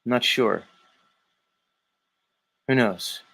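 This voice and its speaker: A man's voice: mid-range voice, very slow, creaky, a bit bright. A man hosting a daily live stream, reading viewer comments aloud and teasing commenters by name in a rambling, casual way. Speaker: livestream host reading chat.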